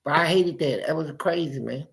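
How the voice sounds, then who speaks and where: With a fairly quick, higher-pitched voice touched by vocal fry, this man tells lively stories about his life in a relaxed chat. He performs his relatives' voices as he goes.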